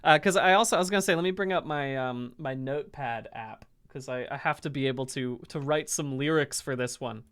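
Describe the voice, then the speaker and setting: A man streaming live, chatting casually to his audience, animated and self-mocking, and often laughing. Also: mid-range voice, fairly quick, hardly any pauses, smooth.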